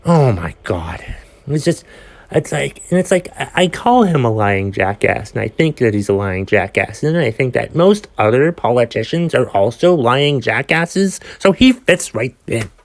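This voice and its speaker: A man's voice: mid-range voice, sing-song, measured pace. A man hosting his own podcast, ranting with exasperated sighs, swearing and many restarts. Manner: exasperated, profane, sighing rant with restarts. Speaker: podcast host.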